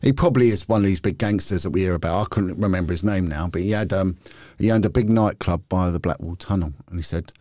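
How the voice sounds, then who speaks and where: Fast and with few pauses, this middle-aged man's low-pitched voice has a dark tone, recorded in clean studio sound without echo. Once a police detective, now a podcast guest, he tells candid, rambling stories in casual chat, chatty with lots of restarts.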